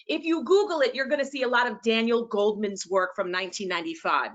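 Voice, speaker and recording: A woman with a New York accent, presenting passionately to teachers and sometimes talking fast. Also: a little high, fairly bright tone. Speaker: educator and presenter.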